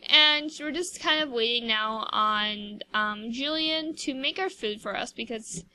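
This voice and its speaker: A woman's voice: fairly high pitch, a little slow, bright, forceful tone, slight background noise. A woman giving casual, rambling commentary over a life-sim game, chatty and full of fillers. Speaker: gameplay video host.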